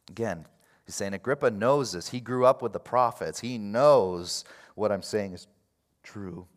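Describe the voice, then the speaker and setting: A man preaching a sermon in a casual, animated way, going from quiet asides to loud bursts. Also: mid-range voice, moderate pace. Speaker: pastor.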